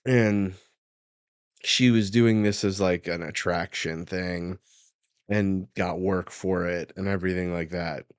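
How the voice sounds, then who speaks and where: A man with a low, unhurried voice reads a comic chapter aloud and reacts as he goes. The sound is close and dry, with no room around it. He jumps into loud, higher character voices for the dialogue. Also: steady tone, clean tone, no room sound. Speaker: manga reaction host. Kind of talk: live reading and reaction.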